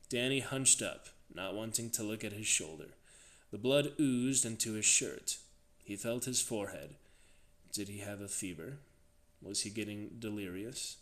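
A man reading a novel aloud, dramatic and expressive, shifting his delivery with the action. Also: lowish voice, unhurried. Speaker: reader.

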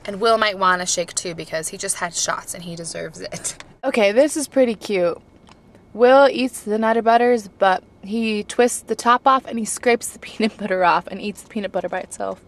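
A young adult woman chatting casually for a home vlog, often soft and hushed, tired and a bit unwell. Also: medium pitch, normal speed. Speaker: mom vlogger. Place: family home, basement playroom.

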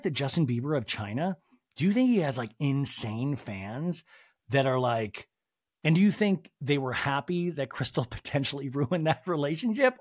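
Animated man recapping a reality show. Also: a little high, no echo, clean studio sound. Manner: animated, acts out the scene's dialogue. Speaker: podcast host.

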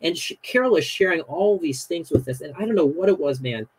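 A man who is a podcast guest tells stories in a casual, animated way, using many "you know" fillers. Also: fairly high pitch, a little fast, slightly rough, rough recording. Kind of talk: casual storytelling chat.

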